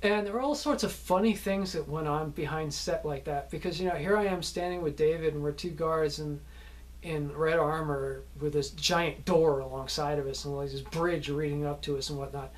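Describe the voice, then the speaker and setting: A man's voice: fairly high pitch, fairly even intonation, normal speed. A man, an actor, casually telling behind-the-scenes stories from a film shoot, rambling with many fillers and restarts and often laughing. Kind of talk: casual anecdotal storytelling.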